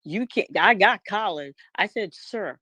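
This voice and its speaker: A woman's voice: medium pitch, expressive, measured pace, sharp tone, breathy edge, no room sound. A woman as an interview guest, telling her story emphatically and acting out the people she quotes. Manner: emphatic, acts out quoted dialogue. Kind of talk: storytelling in casual talk.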